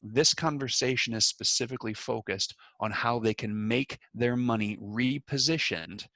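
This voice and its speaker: A man who is a financial planner, giving an energetic storytelling presentation on a video call. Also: medium pitch, moderate pace, no room sound. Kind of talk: webinar presentation.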